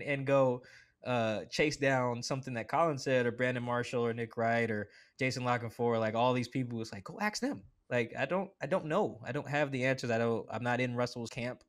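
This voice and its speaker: Chatty man, animated podcast guest. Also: mid-range voice. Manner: animated, quick asides, acts out quoted voices; conversational with frequent "like" fillers. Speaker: sports beat writer as podcast guest. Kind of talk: casual podcast chat.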